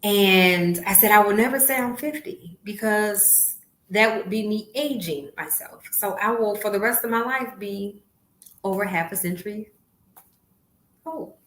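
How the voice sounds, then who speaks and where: A woman in her fifties hosts her podcast in a blunt, profane monologue, dropping to low asides and then rising into loud outbursts. Her voice sits at a middle pitch. The recording carries a roomy echo. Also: measured pace. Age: 50s. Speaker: podcast host. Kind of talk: candid monologue.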